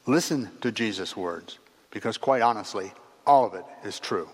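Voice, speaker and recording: A man preaching a sermon in a measured, earnest way, pausing between phrases and letting his voice drop at the ends of sentences. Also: fairly low pitch, slightly rough. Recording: long reverb of a large hall.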